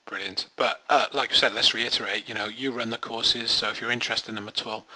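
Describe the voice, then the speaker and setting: A man's voice: mid-range voice, fairly even intonation, brisk, pushed and bright, poor audio. A man hosting a live webinar, reading out viewer questions in a chatty, hesitant way.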